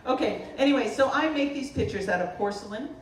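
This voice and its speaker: A woman from the Boston area, a potter giving a humorous artist talk, telling stories in an animated, joking way. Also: on the high side, brisk. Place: lecture room at a festival. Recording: roomy, distant mic, faint noise.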